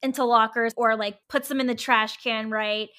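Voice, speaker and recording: Woman, podcast host, casual chat, high voice, frank and candid. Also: fairly even intonation, normal speed, pushed and bright. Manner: candid, frank, heavy use of "like".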